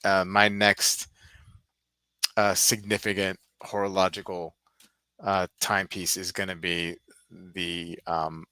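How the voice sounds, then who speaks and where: A man's voice: low voice, little pitch movement, slow, bright, forceful tone, clear, resonant tone, no echo. A man hosting a casual live stream, rambling and thinking aloud as he browses.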